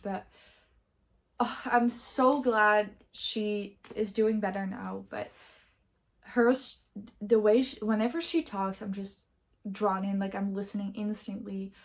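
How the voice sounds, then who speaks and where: Gushing woman book vlogger. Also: medium pitch. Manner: gushing, with frequent fillers and restarts. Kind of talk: casual chat to camera.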